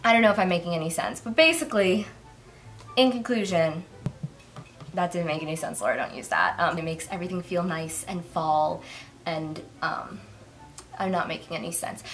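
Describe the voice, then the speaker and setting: A woman's voice: lowish voice, a little fast. A young woman talking casually to camera in a chatty, giggly, self-mocking way. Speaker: YouTuber. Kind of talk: casual vlog bloopers.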